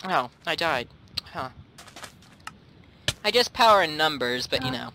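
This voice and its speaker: A man's voice: on the high side, expressive, measured pace, pushed and bright, a little hiss or hum. A man chatting casually and playfully while playing a game, laughing often. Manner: giggly and playful, frequent laughter. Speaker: gameplay commentator. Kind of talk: casual gaming chat.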